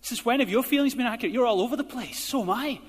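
A man preaching a sermon as a pastor, speaking emphatically and building to forceful urging. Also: very high-pitched, fast talker, breathy edge. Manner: emphatic, rising to forceful exhortation. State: out of breath. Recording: hall reverb.

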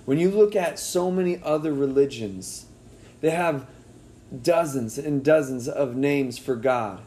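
A man preaching a heartfelt sermon, earnest and emotional, often dropping soft and low when he is moved. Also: measured pace. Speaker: pastor.

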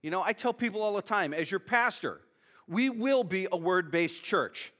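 A man's voice: high-pitched, animated, moderate pace, sharp tone. A middle-aged male pastor preaching a sermon in a conversational, emotional way, often adding "you know" and "okay".

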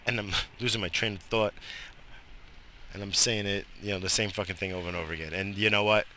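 A young man from Long Island, slightly high, rambling through a profane casual monologue outdoors in the sun, with lots of restarts. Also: fairly even intonation, quick pace, bright, forceful tone, a little hiss or hum. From Long Island, New York.

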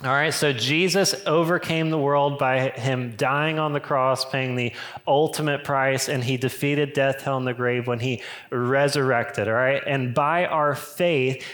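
A man's voice: medium pitch, fairly even intonation, unhurried, a bit bright. A young man preaching a sermon as pastor, chatty and conversational, telling personal stories with lots of asides. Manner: conversational, storytelling with frequent "like" and asides. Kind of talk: casual sermon.

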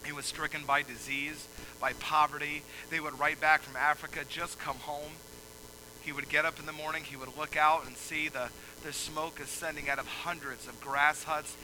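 A male pastor preaching a sermon, moving from quiet explaining to loud, emphatic preaching. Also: on the high side, flat delivery, normal speed, noisy background.

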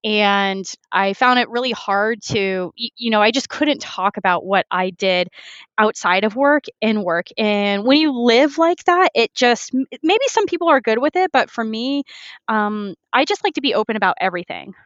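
A woman from Houston, Texas, a professional competitive shooter talking as a guest in a casual interview, chatty and animated, with lots of fillers. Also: on the high side, normal speed, dry recording, dull audio. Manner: chatty and animated, laughs often, many fillers.

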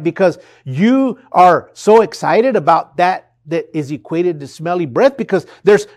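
A man preaching a sermon in an earnest, conversational way, reading and explaining scripture. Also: sits high. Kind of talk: sermon podcast.

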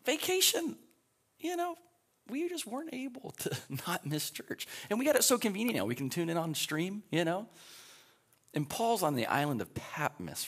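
A man's voice: a little high, fairly bright tone, slightly rough. A male pastor teaching a live Sunday school class in a church, chatting casually and reading scripture aloud before explaining it.

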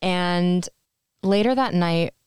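A woman's voice: on the low side, slow, clear, resonant tone, no room sound, clean studio sound. A woman co-hosting a podcast, chatting casually as she recaps a film and acts out its lines. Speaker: podcast co-host. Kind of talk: casual movie recap chat.

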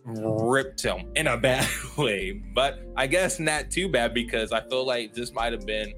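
A man's voice: medium pitch, a bit bright. Rambling man hosting a casual podcast. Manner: rambling and self-interrupting, heavy on fillers and apologies. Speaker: podcast host. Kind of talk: casual solo podcast talk.

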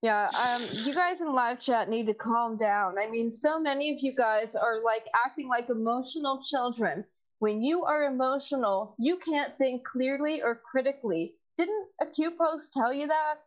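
A woman co-hosting a casual political chat, talking in a measured, hesitant way and scolding her live chat. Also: high-pitched. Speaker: podcast co-host. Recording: dull, lo-fi mic.

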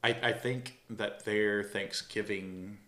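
A man's voice: fairly low pitch, steady tone, takes it slowly, fairly bright tone, echoey room. A man co-hosting a podcast in casual chat, rambling with fillers and restarts. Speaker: podcast co-host.

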